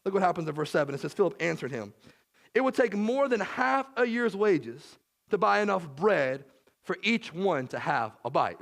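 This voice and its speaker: A man's voice: a little high, creaky. A man preaching a sermon as pastor, conversational, with frequent "right?" asides, and he acts out the disciples' worried voices.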